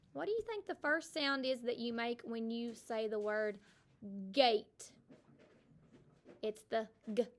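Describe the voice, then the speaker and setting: Bright-voiced kindergarten teacher. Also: female voice, fairly high pitch. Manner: slow, exaggerated sounding-out of letter sounds. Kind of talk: recorded phonics lesson for young children.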